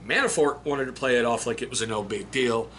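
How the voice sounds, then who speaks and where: A man talks through a book in a blunt, casual way, swearing now and then. His voice is bright and forward. Faint background noise sits under the recording. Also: mid-range voice, a little fast. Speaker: book reviewer. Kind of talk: casual spoken book review.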